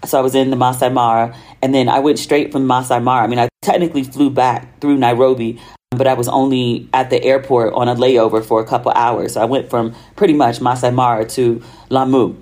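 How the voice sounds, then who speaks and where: A woman's voice: a bass voice, level tone, brisk, a little mellow. An American woman hosting her own podcast, telling travel stories in a chatty, slangy way and acting out the dialogue. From United States. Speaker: podcast host. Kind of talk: casual solo podcast monologue.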